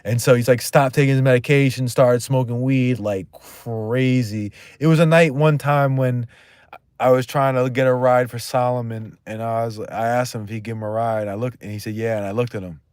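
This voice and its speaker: A man's voice: mid-range voice, steady tone, normal speed, darkish tone, clear, resonant tone, no room sound, clean studio sound. A man hosting a livestream in loose, profane, rambling chat, laughing often and trailing off mid-thought. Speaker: livestream host.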